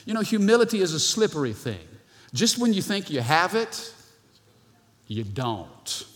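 A man preaching a sermon as pastor in a church, animated, with playful asides to the congregation. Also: sits high, unhurried. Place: church sanctuary. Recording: long hall reverb from the church.

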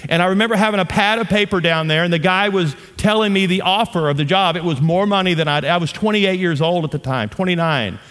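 A man's voice: sits high, fast, hardly any pauses, a bit bright. A middle-aged man from Louisiana, preaching a sermon as a pastor with humorous storytelling and playful asides to the audience. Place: church auditorium. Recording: long reverb of a large hall.

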